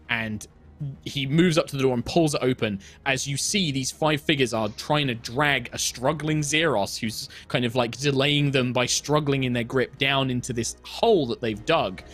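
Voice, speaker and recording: A man's voice: mid-range voice, moderate pace, fairly bright tone, soft background music. A British man narrating as game master, improvising loosely with many fillers.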